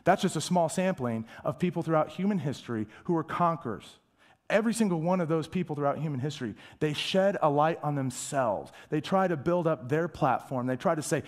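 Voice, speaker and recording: A male pastor preaching a sermon, emphatic, asking rhetorical questions and dropping to a hush at times. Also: a little high, lively intonation, brisk. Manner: dramatic shifts from loud to hushed, whispering asides.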